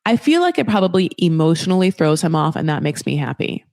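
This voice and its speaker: A woman's voice: sits low, very animated, fast, vocal fry, a little mellow, no room sound. A woman hosting a podcast, recapping a reality TV show in a chatty, sarcastic, freely swearing way with plenty of fillers. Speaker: podcast host.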